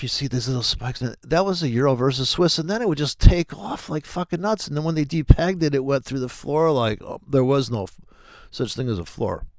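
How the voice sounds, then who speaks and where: A man's voice: medium pitch, a little mellow, no room sound, studio quality. A middle-aged man hosting a trading video, rambling in a profane, joking way. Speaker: forex trading video host. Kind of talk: casual rambling monologue.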